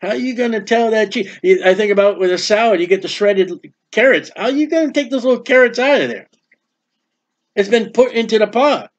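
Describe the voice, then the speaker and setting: A man with a high voice preaches a sermon, spinning homely stories and acting out what people say in them. The sound is dull and lo-fi, like an old church tape. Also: lively intonation, fairly quick. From United States. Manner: folksy storytelling with acted quotes. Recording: dull lo-fi recording.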